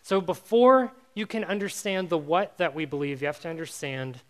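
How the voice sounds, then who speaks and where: A youth pastor with a notably high voice, speaking at a moderate pace, gives a sermon to young people. He first recounts his story in an animated, self-deprecating way full of casual fillers, then shifts into earnest teaching.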